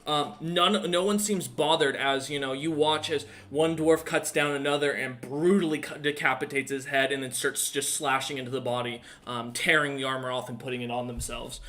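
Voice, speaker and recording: A man's voice: medium pitch, fairly even intonation, normal speed, hardly any pauses, fairly bright tone. A man narrating as dungeon master in a tabletop game, rambling with lots of ums and uhs.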